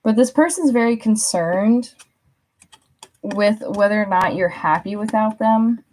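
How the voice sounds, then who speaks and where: A young woman talks through a tarot reading in a loose, chatty way. She fills her sentences with little fillers, laughs freely and slips into quick impressions of the people she describes. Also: mid-range voice, a little mellow. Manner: chatty, lots of "like", laughs often, acts out quotes. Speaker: tarot reader. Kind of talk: casual spoken reading.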